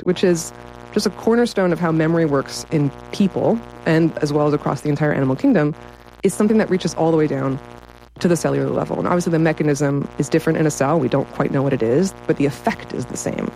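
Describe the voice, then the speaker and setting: A woman's voice: low voice, fast, dark tone, slight background noise, rough recording. A woman writer talking as a guest in a casual interview, enthusiastic and often breaking into laughter.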